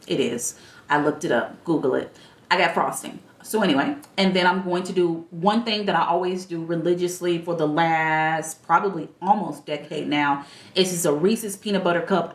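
Casting note: a lower-voiced woman with a style, a blunt and chatty dating coach on a casual stream. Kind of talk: casual livestream chat. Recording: echoey room.

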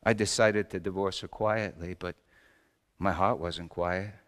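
A man's voice: low-pitched, fairly even intonation, measured pace, fairly bright tone. A man, a pastor, playing a wry and exasperated Joseph the carpenter in a joking, self-mocking first-person sermon monologue with big emphatic swings. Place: church sanctuary. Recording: long reverb of a church hall.

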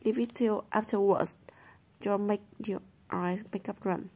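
A woman reading a novel aloud, voicing a quiet, steady teenage boy skater who speaks in short, firm remarks. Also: medium pitch, a little slow.

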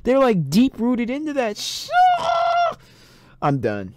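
Excitable young man with very lively pitch. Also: takes it slowly, long pauses, no echo. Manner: excitable, swears often, laughs a lot, reads dialogue aloud. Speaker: streamer playing a rhythm game. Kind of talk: gameplay commentary.

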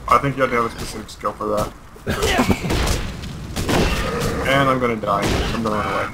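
A man talking casually while playing a co-op game, relaxed and matter-of-fact. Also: mid-range voice, normal speed. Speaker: co-op gaming guest. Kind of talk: casual co-op gameplay chat. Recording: very noisy game voice chat.

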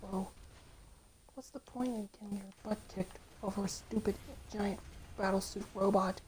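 A young woman giving let's play commentary, excitable and often shouting exclamations. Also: mid-range voice, normal speed, a little hiss or hum. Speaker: gameplay commentator.

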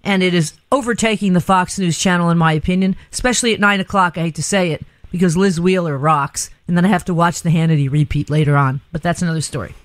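A woman's voice: lowish voice, fast talker, hardly any pauses, no room sound. A middle-aged woman hosting a talk radio show, chatty and rambling, laughing easily between her words. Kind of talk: casual radio banter.

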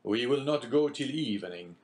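A man reading the part of a loyal, gruff older sea captain in an audiobook, raising his voice above the narration. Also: animated, moderate pace, natural voice. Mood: firm. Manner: declaims lines louder and higher than his narration.

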